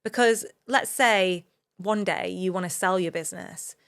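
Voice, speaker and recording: A woman's voice: fairly low pitch, unhurried, clean tone. A woman in her thirties from England hosting a solo podcast, talking openly and earnestly about her own experiences to encourage listeners. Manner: earnest, open, motivational, speaks of personal experience. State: emotional at times. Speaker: podcast host.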